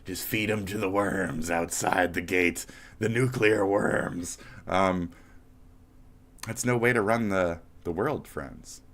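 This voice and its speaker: A man's voice: low-pitched, takes it slowly, a bit bright. A man streaming live commentary as a heated, profane, mocking rant. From United States.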